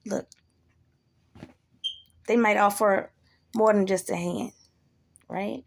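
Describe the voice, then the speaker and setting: A woman's voice: medium pitch, fairly even intonation, slow pace, vocal fry, long pauses, a little hiss or hum. A woman talking casually to camera in a blunt, profane way, animating the people she quotes. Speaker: vlogger. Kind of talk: casual monologue.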